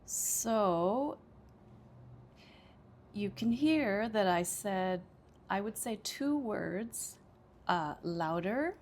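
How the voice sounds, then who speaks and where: A woman with an American accent gives an English lesson at a slow, careful pace, pausing often to check in with "okay". Her voice has a gravelly edge of vocal fry. Faint noise sits under the recording. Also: mid-range voice, expressive, darkish tone. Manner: patient, explanatory, frequent "okay" and "uh". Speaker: ESL teacher.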